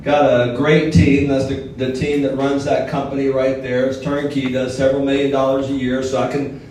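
Heard from a distance in an echoey large hall, a middle-aged Southern-accented man from southern Alabama gives a motivational talk to a live audience, trading jokes and stories with them. His medium-pitched, darkish voice is flat and moderately paced, with a little hiss or hum.

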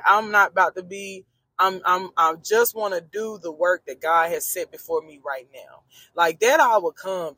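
A woman hosts her faith podcast from her car, speaking in a husky, breathy voice. She talks to her listeners as friends, in a chatty and emphatic way that often turns preachy. The sound is close and dry. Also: mid-range voice, fairly bright tone, dry recording. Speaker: podcast host. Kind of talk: casual faith-based podcast monologue.

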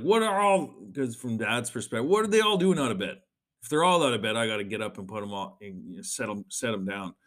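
A man hosting a podcast and talking in a rambling, chatty monologue, often swearing. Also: mid-range voice. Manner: rambling, chatty and profane, with frequent fillers. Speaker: podcast host. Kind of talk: casual solo monologue.

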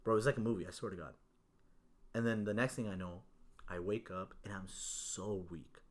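A man's voice: fairly low pitch, fairly even intonation, normal speed. A young man telling a story in casual chat, laid-back and swearing freely, with lots of "like" and "bro".

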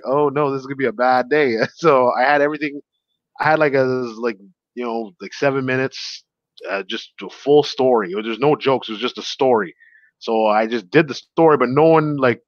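A man's voice: mid-range voice, no echo, dull audio. A man, a stand-up comedian guest, telling stories in a casual interview, rambling with fillers and restarts.

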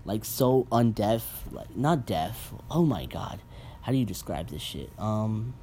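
A young man hosting a casual podcast, ranting bluntly and profanely with animated asides. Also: on the low side, a little slow, a little hiss or hum. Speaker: podcast host. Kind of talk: casual rant.

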